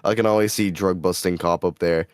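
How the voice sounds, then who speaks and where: A man's voice: sits low, steady tone, fairly quick, a little mellow, clean tone, dry recording, clean studio sound. A young man co-hosting a live stream in casual chat, joking and riffing in a playful, mock-dramatic way. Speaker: stream co-host.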